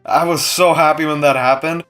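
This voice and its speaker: A young man casually reviewing a TV episode with strong opinions, breaking into quick impressions of the characters. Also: on the high side, soft background music. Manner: chatty, opinionated, animated impressions. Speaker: TV show reviewer.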